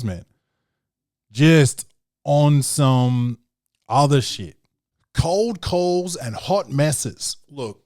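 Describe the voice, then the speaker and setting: A young man hosting a podcast, telling stories in a profane, slangy, animated way. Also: medium pitch, no room sound, clean studio sound. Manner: swearing, slangy, animated storytelling. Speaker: podcast host. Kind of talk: casual profane monologue.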